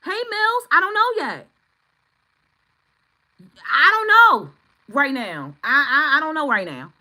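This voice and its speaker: Excitable high-voiced woman tarot reader. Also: takes it slowly, rough recording. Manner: excitable, swearing, bursts into shouts. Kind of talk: live-stream tarot reading, chatting with viewers.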